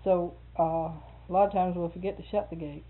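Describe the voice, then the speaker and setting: A woman's voice: lowish voice, fairly even intonation, normal speed. Lady gabbing away, tells long stories, laughs a lot, sounds thin like an old phone recording. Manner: chatty storyteller, laughs often. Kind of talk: casual conversation. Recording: phone-like narrow band.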